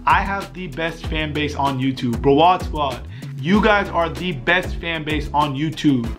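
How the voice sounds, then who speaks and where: A heartfelt young man speaks straight to his viewers. His voice sits a little high, and soft music plays faintly underneath. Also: a little slow. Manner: earnest, heartfelt, repeats himself. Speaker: vlogger. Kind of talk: emotional thank-you to viewers.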